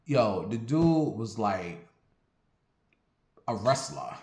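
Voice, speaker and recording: A man casually telling a personal story on his vlog, animated and profane, with sassy asides. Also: lowish voice, drawn-out words, vocal fry, reverberant.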